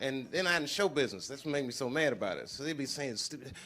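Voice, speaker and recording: A man doing a live stand-up set on a club stage, profane and animated, acting out other people as he talks. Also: medium pitch, fast talker, few pauses. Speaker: stand-up comedian. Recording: live club with loud crowd laughter. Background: loud audience laughter.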